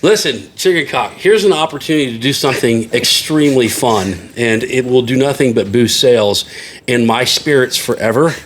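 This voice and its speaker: A man's voice: medium pitch, normal speed. A man hosting a casual chat over drinks, joking and swearing, laughing often. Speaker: podcast host.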